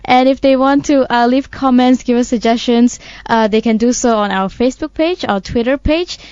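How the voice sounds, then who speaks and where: A woman co-host, explaining news points in a measured way with small hesitations. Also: fairly high pitch, darkish tone, smooth, no room sound. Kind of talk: casual news discussion. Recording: dull, dry studio sound.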